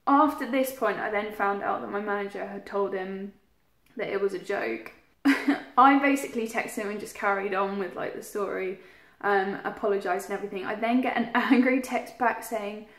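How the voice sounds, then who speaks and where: A young woman with a fairly high voice rambles through a story to camera, giggling and filling gaps with ums and likes. Her voice bounces around a roomy, echoey space. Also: moderate pace. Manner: chatty, giggly, rambling with many fillers. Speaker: vlogger. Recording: roomy echo.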